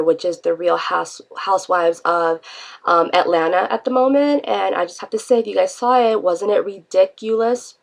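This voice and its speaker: A woman talking straight to camera in an unscripted vlog, her voice stuffy and congested from a cold. She rambles in a chatty, self-deprecating way, and her words carry a gravelly, fry-laden edge. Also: mid-range voice. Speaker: vlogger.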